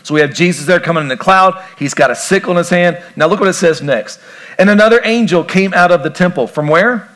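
A man's voice: high-pitched, fast talker, fairly bright tone. A man preaching a sermon as a pastor in a conversational way, asking his listeners questions and joking between points. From grew up on a farm. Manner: conversational, asks the congregation questions, jokes.

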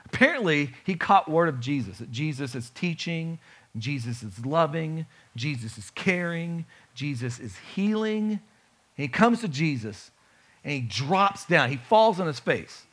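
Male pastor, lively sermon delivery, rhetorical questions, bright slightly high voice. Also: measured pace. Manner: animated preaching with rhetorical questions to the congregation. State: has a bad knee.

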